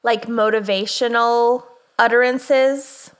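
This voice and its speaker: A woman's voice: on the high side, steady tone, slow pace, clean tone. A woman co-hosting a podcast in casual chat, jet lagged, joking and laughing often, recording from a new space. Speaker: podcast co-host.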